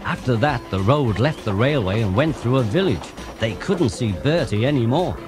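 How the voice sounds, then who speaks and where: A man's voice: medium pitch, normal speed. A man narrating a children's railway storybook. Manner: lively, expressive storytelling. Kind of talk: storybook reading. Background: music.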